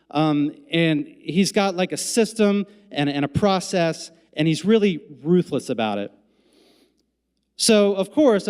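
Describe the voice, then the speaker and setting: A man telling a comic personal story on stage as an event MC, with deadpan asides and acted-out quotes. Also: high-pitched, clean tone. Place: stage in a hall before a live audience. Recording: live hall with long reverb.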